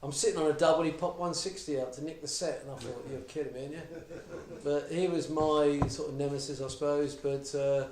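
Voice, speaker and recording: An older man spins lively anecdotes in a slightly high voice and keeps breaking into laughter. He is picked up from a distance in an echoey room. A live audience laughs along behind him. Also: a little fast, few pauses, crowd noise. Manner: chatty storyteller who laughs through his stories. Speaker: guest darts player.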